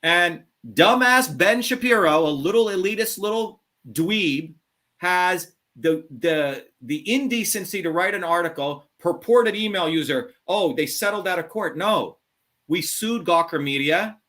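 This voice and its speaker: Blunt, combative middle-aged man, slightly high. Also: expressive, unhurried, a bit bright. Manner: blunt, combative, swearing, emphatic. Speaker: show host. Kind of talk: heated call-in monologue.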